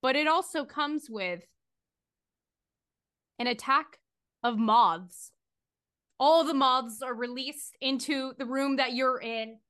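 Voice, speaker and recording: Woman gm telling a horror scene, highish voice, calm storytelling. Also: slow pace, long pauses, clean tone. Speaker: game master. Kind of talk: narrating a tabletop horror game.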